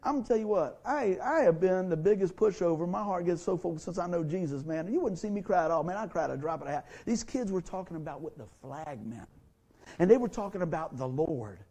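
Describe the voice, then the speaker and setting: In a church sanctuary, a middle-aged pastor preaches to his congregation in a folksy, conversational style, acting out the quotes of people in his stories. His warm voice sits high, expressive and a little fast.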